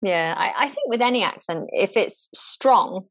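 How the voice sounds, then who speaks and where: A woman who teaches English, a guest in a relaxed interview, talking thoughtfully and often restarting her sentences. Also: medium pitch, unhurried. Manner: thoughtful, frequent restarts and repeated words. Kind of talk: casual conversational interview.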